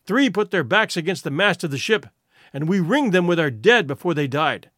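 A man reading the lines of a wounded, boastful village fighter in slow, solemn, formal speech. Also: a little high, expressive, a bit bright, no room sound, studio quality. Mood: grim.

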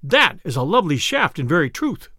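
Guy reading as a loud proud sheriff, bouncy lively pitch, old-timey talk. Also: a little fast, slightly rough, no room sound, studio quality, exaggerated voice. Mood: excited. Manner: archaic, exclamatory. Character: proud blustering middle-aged male sheriff.

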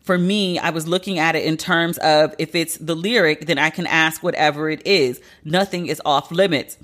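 Swooping, outspoken woman podcast host. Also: normal speed. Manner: candid, profane and animated, with swooping pitch for emphasis. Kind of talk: casual commentary monologue.

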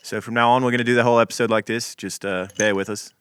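A man's voice: medium pitch, steady tone, fast, a bit bright, clean tone. A man co-hosting a podcast in casual chat, rambling and laid-back, with lots of fillers. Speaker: podcast co-host.

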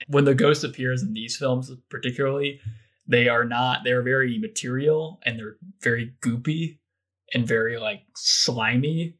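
A man's voice: mid-range voice, fairly even intonation, moderate pace, fairly bright tone. A man co-hosting a casual film podcast, musing hesitantly with many restarts. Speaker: podcast co-host.

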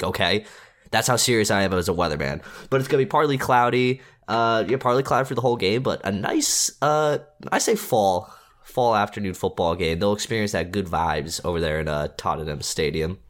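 Low-voiced man doing a mock weather report. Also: a little fast, a bit bright. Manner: playful, mock-serious forecaster bits. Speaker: guest weatherman. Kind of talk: casual podcast chat.

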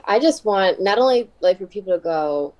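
A woman guest in a casual interview, chatty and quick to laugh, with many fillers. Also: mid-range voice, animated, a little mellow, poor audio. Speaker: wrestler and podcast guest.

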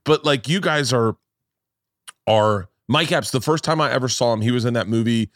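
Man, podcast host, mid pitch, rambling questions, dry close recording. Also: moderate pace, a bit bright, no room sound. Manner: rambling, many restarts. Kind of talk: casual interview chat.

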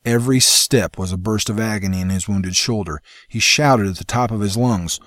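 A man reading a fantasy novel aloud in a measured, dramatic storytelling manner. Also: on the low side, a bit bright, no echo, studio quality. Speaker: audiobook narrator. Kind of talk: scripted fantasy narration.

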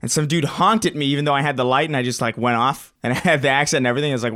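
A man from New York with a New York accent, chatting quickly and laughing as co-host of a podcast. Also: mid-range voice, a bit bright. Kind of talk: casual podcast chat.

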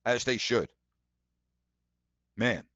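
A man's voice: mid-range voice, drawn-out words, fairly bright tone, no room sound, lo-fi sound. A man hosting a sports talk show, giving emphatic, indignant commentary and repeating his points.

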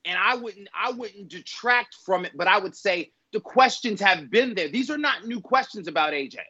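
A man on a panel who talks deliberately and sometimes stops to search for a word. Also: sits high, animated, pushed and bright, slightly rough. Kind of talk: casual panel discussion. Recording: dull lo-fi audio.

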